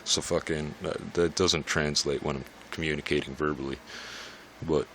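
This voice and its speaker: A man's voice: a bass voice, fairly even intonation, normal speed, fairly bright tone. A man in a casual vlog monologue, rambling and swearing in an irritated rant, recorded outdoors on a city street. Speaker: vlogger.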